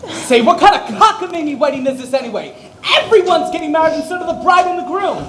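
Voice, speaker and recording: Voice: very high voice, lively intonation, fast talker, fairly bright tone, a little hiss or hum. An actor playing a nervous, wisecracking producer with a brash manner. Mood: anxious. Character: nervous, fast-talking producer with a weak heart.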